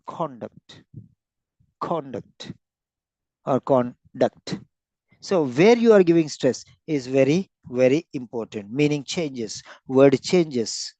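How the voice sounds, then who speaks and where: In a lecture on clinical speaking skills, a man teaches word and sentence stress, stressing and repeating words to make his point. His mid-range voice has a dark tone, and the recording is dry and low in quality.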